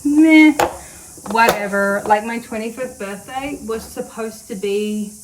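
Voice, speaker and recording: A woman's voice: fairly high pitch, steady tone, unhurried, noisy background. A woman, chatting casually to camera in a rambling vlog. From New Zealand. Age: late 20s. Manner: rambling, chatty, with frequent fillers. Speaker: vlogger.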